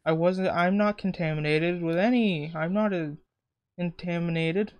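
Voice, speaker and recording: A man's voice: high-pitched, measured pace, clean tone. A man giving casual, profane, joking commentary while playing a video game, talking to himself as he goes. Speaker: gamer. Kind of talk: casual let's-play commentary.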